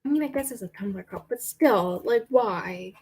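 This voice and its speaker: A woman's voice: medium pitch, expressive, moderate pace, breathy edge. A young adult woman book vlogger rambling in casual chat, with lots of fillers. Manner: rambling and chatty, with frequent fillers and laughs.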